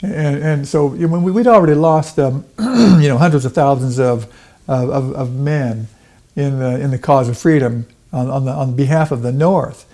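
A middle-aged man talking casually in an interview, halting and repeating words with many fillers. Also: medium pitch, dark tone. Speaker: guest, Lincoln portrayer.

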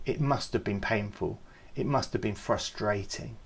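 A man who leads youth ministry, giving an earnest, reflective devotional talk with gentle emphasis. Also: lowish voice, normal speed, vocal fry, slightly rough.

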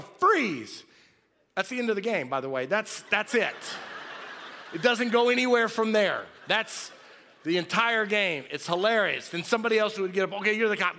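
A man in his fifties preaching in a lively, joking storytelling way, acting out loud shouts as he tells it. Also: sits high. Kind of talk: storytelling sermon. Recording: long reverb of a large hall.

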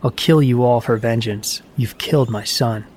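Man reading grim old farmer-magician, vengeful, slow and brooding, storybook telling. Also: mid-range voice, a little mellow, slight background noise, lightly acted.

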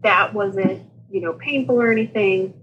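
A woman in her thirties, a guest on a talk show, telling her story in a casual, animated way, laughing often and acting out what people said. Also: mid-range voice, normal speed, slightly rough, lo-fi sound. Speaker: podcast guest sharing her birth story.

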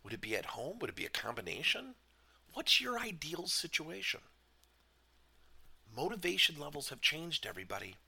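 A man giving a motivational business talk as a leadership coach, emphatic and animated, asking many questions. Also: a little high, normal speed, creaky, husky.

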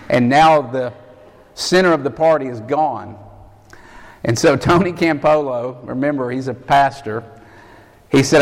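A male preacher telling a story in a sermon, animated and acting out the quotes, in a church sanctuary. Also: mid-range voice, a little slow, long pauses. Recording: echoey hall.

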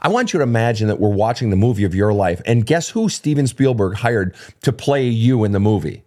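A man's voice: fairly low pitch, animated, a little fast, darkish tone. A man hosting an unscripted advice show, answering listener questions in a blunt, emphatic way, with frequent profanity and repetition.

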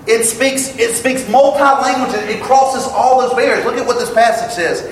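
A man preaching a sermon to his congregation, emphatic and building to loud exclamations. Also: very high voice, moderate pace, recorded from a distance, slight background noise. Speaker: pastor. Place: church sanctuary. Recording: echoey hall, picked up from afar.

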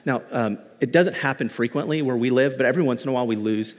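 A man pastor preaching a sermon in a conversational, animated way, mixing in light humor, in a church. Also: mid-range voice, fast, in a large hall. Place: church sanctuary.

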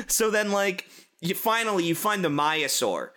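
A man chatting casually and rambling through stories, swearing and laughing as he goes. His voice sits high and rings bright and forward. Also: normal speed. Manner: rambling, excitable storytelling with frequent swearing and laughter. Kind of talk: casual chat.

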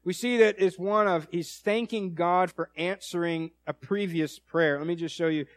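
A man preaching a sermon in a conversational, animated storytelling way, acting out quotes. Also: sits high, normal speed, no echo.

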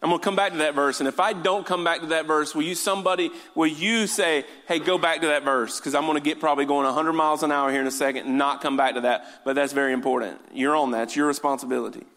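A high-voiced man preaching to a congregation, quipping in lighter moments and then pressing his point with rising fervor. His voice carries a long reverb through a large church hall. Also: quick pace, few pauses. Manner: animated, joking asides, builds to fervent exhortation. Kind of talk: sermon.

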